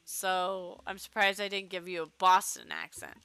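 A woman's voice: fairly low pitch, expressive, normal speed, creaky, pushed and bright, clean tone, dry recording. A young adult woman streaming a game, chatting casually, talking to her pet and swearing now and then. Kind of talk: casual gameplay chat.

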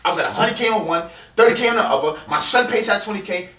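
A man's voice: high-pitched, fast talker, pushed and bright. A young man from the Bronx with a New York accent, arguing heatedly with his ex-partner in a rambling, profane way and repeating himself. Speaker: YouTube prankster. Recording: roomy sound from a distant hidden camera.

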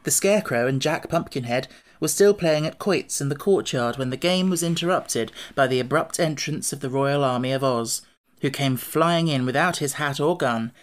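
A man narrating a classic children's fantasy audiobook in a steady, measured storytelling manner. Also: mid-range voice. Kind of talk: scripted narration.

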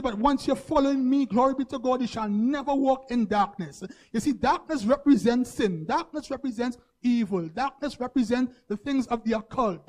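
A male preacher, delivering a sermon in repeated, rhythmic phrases that build to shouts. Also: very high voice. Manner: rhythmic repetition, rising to shouts.

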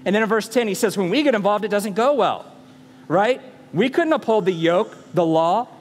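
Male pastor, animated sermon voice, fairly high, big echoing church hall. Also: moderate pace, a little hiss or hum. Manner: animated preaching with rhetorical questions. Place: church sanctuary.

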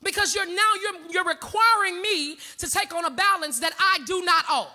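A woman's voice: very high voice, normal speed, pushed and bright. A woman pastor, preaching an impassioned sermon in a church and calling out to the congregation. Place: church sanctuary.

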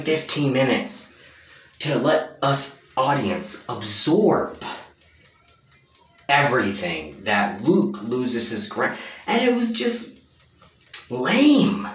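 Exasperated movie reviewer ranting away, voice jumps all over, echoey bathroom sound. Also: mid-range voice. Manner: exasperated, animated, swears freely. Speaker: film reviewer. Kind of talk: casual ranting film review.

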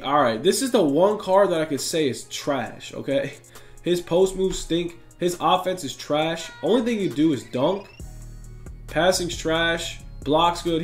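Young man, excitable gaming commentary, slangy, echoey room, faint background music. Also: on the high side. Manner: excitable, slangy, talks to viewers. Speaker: gaming YouTuber. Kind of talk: hyped game commentary.

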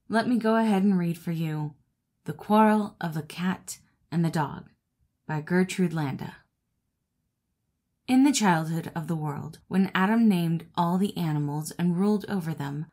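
A woman narrating a classic fable as an audiobook reader, in a steady, expressive reading voice. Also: on the low side. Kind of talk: storybook narration.

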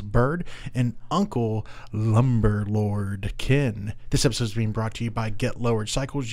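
A young adult man hosts a laid-back podcast at an ordinary middle pitch. He tells stories in an easygoing way, pausing on fillers as he goes. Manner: relaxed storyteller, plenty of fillers. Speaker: podcast host. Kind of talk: casual chat.

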